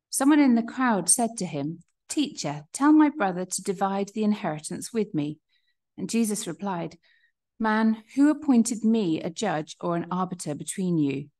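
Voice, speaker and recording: A man's voice: high-pitched, darkish tone. A man reading a scripture passage aloud steadily, giving the quoted speakers a little voice. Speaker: scripture reader.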